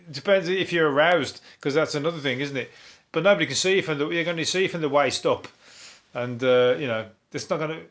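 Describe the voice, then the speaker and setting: Bloke doing a solo news podcast, dry deadpan, swears a lot, rambles and chuckles. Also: male voice, a little high, brisk. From England. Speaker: podcast host.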